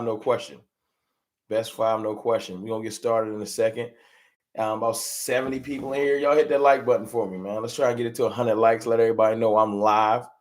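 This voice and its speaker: A laid-back man hosting a casual livestream at his own easy pace. He greets his chat members one by one and talks loosely with them. His voice sits in an ordinary middle range for a man. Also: mid-range voice. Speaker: livestream host.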